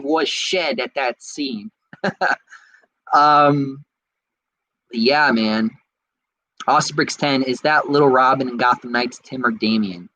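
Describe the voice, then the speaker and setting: A man hosting a podcast, reading out viewer comments in casual chat and answering them in an excitable, rambling way. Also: on the high side, slow, no room sound, rough recording. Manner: excitable and rambling, with frequent restarts. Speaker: podcast host.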